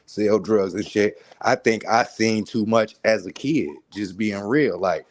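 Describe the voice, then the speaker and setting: A man's voice: fairly low pitch, unhurried, no echo. A man in casual podcast chat, talking candidly and rambling in street slang.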